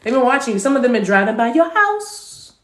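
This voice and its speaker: A woman's voice: fairly high pitch, big pitch swings, fairly quick, a bit bright. Chatty woman reading tarot, echoey room. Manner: chatty, repeats phrases, drops into speaking in tongues. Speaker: tarot card reader. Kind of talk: live tarot reading to viewers.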